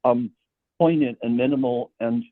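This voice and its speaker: A man's voice: mid-range voice, normal speed, no echo. A man, a guest composer, telling long anecdotes, often stammering and repeating words as he starts sentences. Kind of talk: anecdotal storytelling. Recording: tinny phone-like line.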